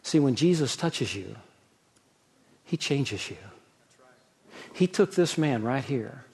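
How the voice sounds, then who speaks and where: Husky man, middle-aged pastor, sermon, loud emphatic bursts, then hushed storytelling. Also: mid-range voice, lively intonation, takes it slowly.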